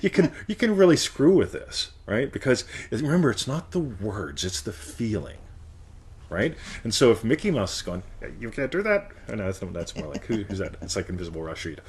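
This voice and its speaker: On a live Q&A he hosts, a man gives casual coaching in a playful, laughing way, punctuating points with "right?" and breaking into goofy character voices. His voice sits on the low side, fairly quick and sing-song, with a darkish tone.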